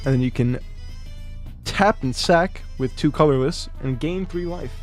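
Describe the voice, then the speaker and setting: A man's voice: fairly high pitch, unhurried, darkish tone, soft background music. A man streaming casually, reading card text aloud and reacting to chat with profanity and frequent laughs.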